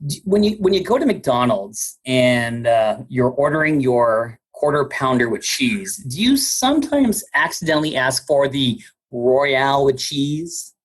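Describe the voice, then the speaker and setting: Male podcast host, American, husky, jokey and loose, frequent restarts. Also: mid-range voice, sing-song, measured pace, hardly any pauses. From United States. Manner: jovial, laughs often, stumbles over words. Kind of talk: casual interview.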